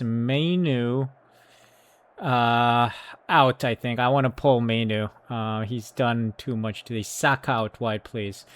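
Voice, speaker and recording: Man, excitable play-by-play of a football sim, yells at the team, calm tactics talk. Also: mid-range voice. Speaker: gaming YouTuber. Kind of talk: live commentary on a football management game.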